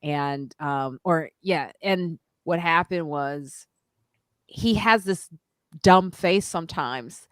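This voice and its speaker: A woman hosting a podcast, telling stories in casual chat and acting out quotes loudly. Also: low voice, slow, clear, resonant tone, no room sound, studio quality. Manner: animated storyteller, acts out quotes loudly. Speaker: podcast host.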